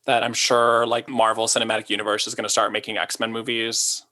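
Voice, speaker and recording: A man's voice: lowish voice, completely flat delivery, pushed and bright. A man co-hosting a casual podcast chat, rambling with lots of asides. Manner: chatty, quick asides, lots of "like". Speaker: podcast co-host.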